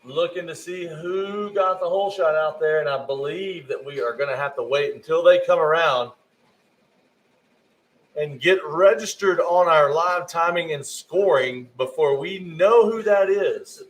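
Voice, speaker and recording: A man's voice: on the high side, a little slow, low-quality recording. A man giving live race commentary, often stumbling over rider names and correcting himself.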